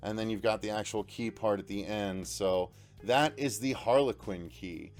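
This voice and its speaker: A man hosting a casual unboxing vlog, excitable and gushing, often stumbling over his words. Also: on the low side, normal speed, soft background music. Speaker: channel host.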